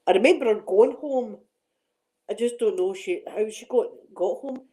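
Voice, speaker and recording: A woman's voice: fairly high pitch, normal speed, warm tone, rough recording. A middle-aged Scottish woman hosting a casual chat on her ASMR channel, rambling and laughing often.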